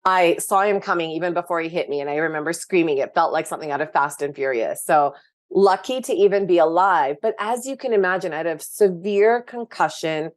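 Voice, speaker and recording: A woman's voice: fairly low pitch, fairly quick. A woman, a guest speaking frankly and with animation about her own past, with many fillers. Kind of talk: candid personal story in interview.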